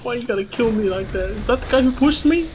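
A man's voice: very high voice, expressive, fast talker, noisy background. A man giving casual, jumpy gameplay commentary, exclaiming and yelping at the scares. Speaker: gamer playing a horror-heavy action game. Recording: game music playing loudly behind.

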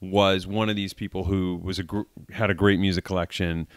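A man's voice: sits low, flat delivery, a little fast, smooth, no room sound. A middle-aged man from Massachusetts with a faint Massachusetts accent, a podcast guest telling rambling stories full of filler words. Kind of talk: casual podcast chat.

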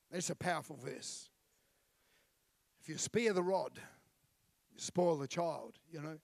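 A man's voice: high voice, moderate pace, gravelly, pauses often, a little mellow, no echo. A middle-aged man, preaching a blunt, colloquial sermon with asides to the congregation. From New Zealand. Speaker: pastor. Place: church.

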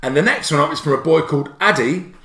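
A man giving a playful, jokey livestreamed spelling lesson, full of quick asides. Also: a little high, animated, bright, forceful tone, reverberant. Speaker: spelling teacher.

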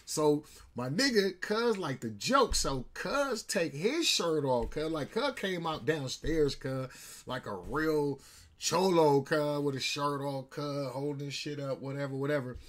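A man's voice: on the high side, lively intonation, unhurried, fairly bright tone. A man telling a story in a casual, rambling way, full of street slang.

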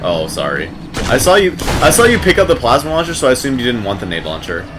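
A man's voice: medium pitch, wildly swooping pitch, fast talker. A young man in casual multiplayer game chat, teasing his teammates and laughing. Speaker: gamer. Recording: noisy game capture. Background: game noise.

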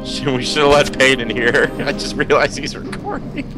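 A man's voice: mid-range voice, very animated, moderate pace, music in the background. A man playing a co-op game, goofy and often confused, laughing a lot. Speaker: gamer. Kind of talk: casual co-op game chat.

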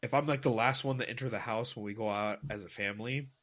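A man's voice: medium pitch, fast talker, a bit bright. A young man in his twenties, co-hosting a podcast, rambling casually with lots of fillers and restarts. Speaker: podcast co-host. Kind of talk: casual chat.

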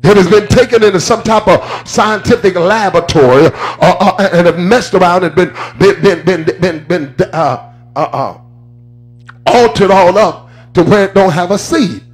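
A man's voice: high-pitched, moderate pace. A man preaching a sermon in a rhythmic, sing-song cadence, repeating his phrases.

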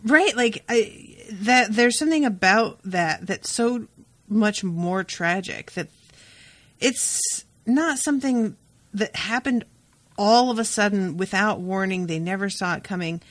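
A woman co-hosting a podcast in casual chat, animated and blunt, with quick asides. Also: medium pitch, no room sound. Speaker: podcast co-host.

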